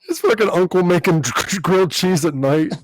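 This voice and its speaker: A man's voice: high voice, moderate pace, dry recording. A man who hosts a podcast and does comedy, chatting casually, swearing freely and laughing often. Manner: profane, laughs often, tells stories animatedly. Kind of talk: casual chat.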